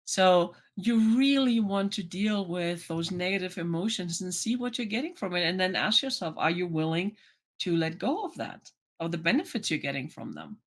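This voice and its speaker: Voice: mid-range voice, normal speed. Chatty life coach vlogging. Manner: chatty, full of "you know" and "right?"; acts out remembered conversations in lively voices. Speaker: life coach and channel host. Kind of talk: casual vlog monologue.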